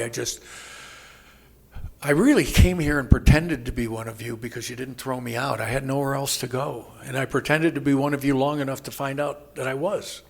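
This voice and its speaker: A man sharing his recovery story at a meeting, rambling and interrupting himself, laughing at his own jokes and acting out quoted voices loudly. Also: medium pitch, gravelly, husky. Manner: acts out quoted voices with sudden loud jumps. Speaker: AA speaker.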